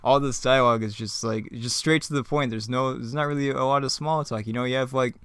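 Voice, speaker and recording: A man's voice: mid-range voice, fairly even intonation, fairly quick, fairly bright tone, clear, resonant tone, no room sound. Sarcastic young man reading an old script. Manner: laughs often, sarcastic asides. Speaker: reader mocking his own old script.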